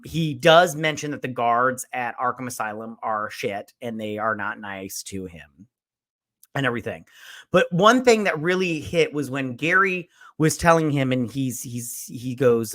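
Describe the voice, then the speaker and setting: A man hosting a casual spoiler movie review, rambling and profane, full of fillers, who acts out lines with sudden jumps in pitch and loudness. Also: expressive, a little slow.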